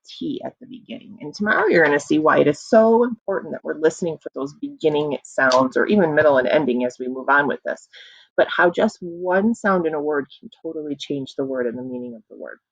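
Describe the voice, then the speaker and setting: A woman teacher leading an online early-reading lesson, encouraging the children and stretching words out slowly so they can clap the syllables. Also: low voice, animated, gravelly, breathy edge, muffled recording. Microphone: computer mic.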